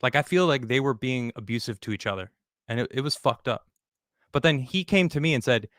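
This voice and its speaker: A man speaking as a podcast guest, telling his story candidly and bluntly, with frequent swearing and halting restarts. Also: mid-range voice, animated, fairly bright tone, dry recording, studio quality. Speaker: podcast guest recounting his exit from a show.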